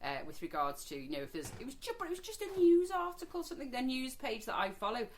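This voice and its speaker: A woman's voice: high-pitched, big pitch swings, slight background noise. A woman co-hosting a podcast, blunt and sweary in casual chat. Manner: blunt, sweary, quick reactions. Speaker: podcast co-host.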